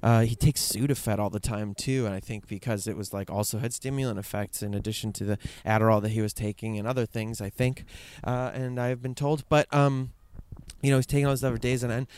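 A man's voice: medium pitch, a little mellow, clean tone. A man telling a candid personal story, rambling and swearing, with many fillers and restarts.

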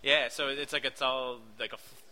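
A man's voice: medium pitch, little pitch movement, normal speed, very noisy. A man hosting a podcast, joking around and asking long rambling questions in casual chat. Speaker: podcast host.

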